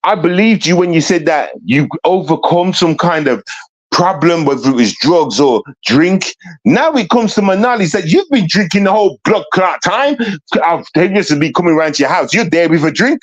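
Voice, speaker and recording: Guy ranting on his channel, kinda high voice, blunt and in your face, repeats himself a lot. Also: expressive, normal speed. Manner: blunt, confrontational, repetitive. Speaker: vlogger. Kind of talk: ranting commentary.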